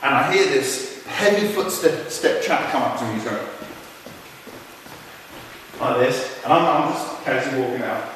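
A man's voice: medium pitch, animated, measured pace, pauses often, noisy background. A man giving a chatty, informal university lecture, telling anecdotes and swearing casually as he explains. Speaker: guest lecturer. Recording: very echoey hall, distant mic.

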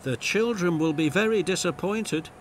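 A man's voice: sits high, normal speed, a little hiss or hum, pitched above the performer's own voice, lightly acted. A man voicing an eager little male tank engine, puffing and earnest, in a storybook reading.

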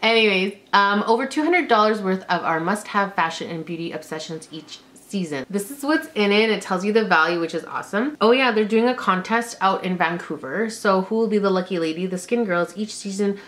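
A woman's voice: mid-range voice, a little fast, few pauses. A young woman vlogger from Canada chatting casually through an unboxing, gushing and exclaiming over each item. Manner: gushing, excitable, lots of gasps and exclamations.

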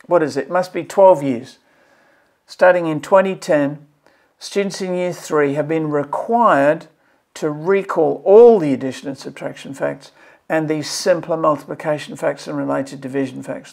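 A man's voice: on the high side, creaky, a little mellow. A man, a maths educator, giving an emphatic and exasperated review of a curriculum draft in a video. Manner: passionate, emphatic, exasperated pleading.

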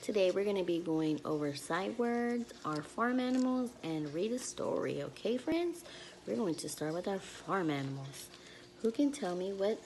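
Slow sing-song preschool teacher woman. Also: fairly low pitch, sing-song, vocal fry, a little mellow, a little hiss or hum. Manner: slow, sing-song, encouraging tone with animal sounds. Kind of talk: children's video lesson.

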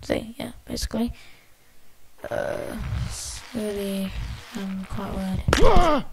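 A woman commentating a let's play, excitable and swearing often as she reacts to the game. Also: mid-range voice, slow pace, vocal fry, poor audio. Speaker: gamer. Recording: loud background noise, amateur capture.

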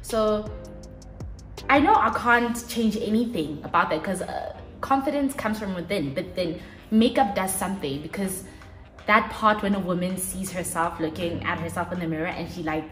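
In an echoey room with music playing, a young South African makeup artist chats casually at a moderate pace in a lowish voice. She's animated and laughs often, though she falls quiet while she works.

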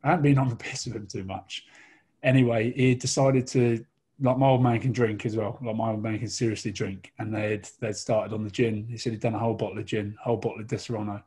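A man's voice: lowish voice, steady tone, fast talker, a little mellow, slightly rough. A man telling a long comic anecdote, rambling and laughing as he goes. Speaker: guest storyteller.

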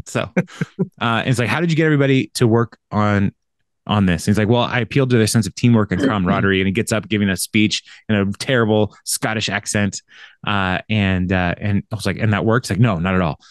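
This lowish male voice moves a little fast, captured cleanly in the studio with no echo. He's a podcast co-host loosely recapping an episode, rambling along with plenty of filler words and laughs.

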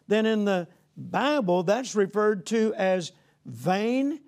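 Male preacher, high gravelly voice, folksy conversational sermon with frequent calls for "Amen?". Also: lively intonation, slow pace, darkish tone. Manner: conversational, folksy, peppered with "you know".

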